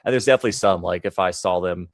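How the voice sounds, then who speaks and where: Very deep-voiced chatty male host. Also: rapid-fire, no room sound, studio quality. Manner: chatty, filler-heavy, enthusiastic. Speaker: podcast host. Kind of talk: casual podcast conversation.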